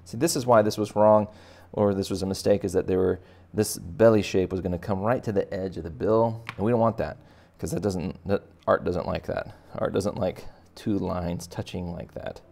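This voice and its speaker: A man's voice: low voice, fairly even intonation, moderate pace, vocal fry, few pauses, warm tone. A man teaching kids to draw, chatting casually and making joking asides while he sketches. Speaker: art teacher. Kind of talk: casual drawing tutorial for kids.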